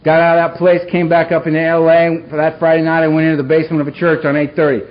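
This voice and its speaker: A man giving a raw, dramatic recovery talk to a live audience, with dark humor and a street-casual way of speaking. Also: on the high side, monotone, quick pace. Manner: street-casual, peppers speech with "man" and "you know". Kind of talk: personal recovery story told to a live audience. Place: meeting hall with a live audience. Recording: dull, lo-fi live talk recording with faint hiss.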